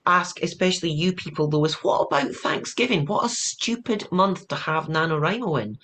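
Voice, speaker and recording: A woman's voice: fairly low pitch, lively intonation, normal speed, hardly any pauses, fairly bright tone, slight background noise. Wry joking woman from Europe. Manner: wry, joking, laughs while talking. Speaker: panelist, mystery writer. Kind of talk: panel discussion.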